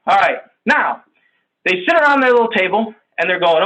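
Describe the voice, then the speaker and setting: A man giving a sales training talk over a video call, telling a story in an animated, conversational way and checking in with his audience. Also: high voice, normal speed, breathy edge, poor audio. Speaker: workshop presenter.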